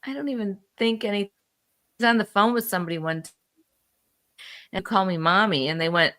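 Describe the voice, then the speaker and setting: Bright-voiced laughing middle-aged woman. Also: mid-range voice, steady tone, a little fast, pauses often. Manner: laughing, talkative, with restarts. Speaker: podcast co-host. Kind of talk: casual chat.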